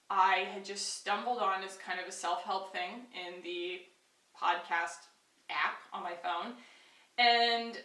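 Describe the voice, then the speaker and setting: A woman's voice: mid-range voice, pushed and bright. A young adult woman vlogger telling a personal story in a chatty, rambling way, full of fillers. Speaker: beauty vlogger. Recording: echoey room, a bit far from mic.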